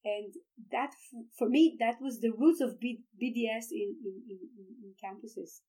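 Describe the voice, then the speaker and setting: A woman's voice: a little high, normal speed, low-quality recording. A woman in her thirties from Israel with an Israeli accent, a tour guide telling a personal story in an interview, emphatic and repeating words as she gets caught up. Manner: animated, emphatic, repeats words when excited.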